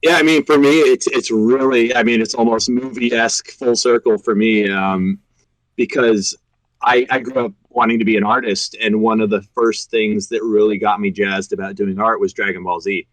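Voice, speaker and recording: A man's voice: on the low side, steady tone, moderate pace, dry recording, low-quality recording. A man in his thirties, a guest voice actor chatting earnestly on a podcast and laughing easily. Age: 30s. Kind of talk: casual podcast chat.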